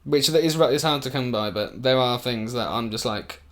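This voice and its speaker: A man co-hosting a casual podcast, talking in animated, sweary bursts. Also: medium pitch, moderate pace. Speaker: podcast co-host. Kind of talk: casual banter.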